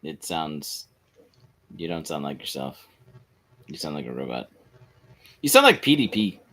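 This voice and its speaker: A man's voice: extremely low pitch, sing-song, unhurried, a bit bright. A man co-hosting a livestream, talking casually and cracking jokes. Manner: joking, talkative. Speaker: co-host.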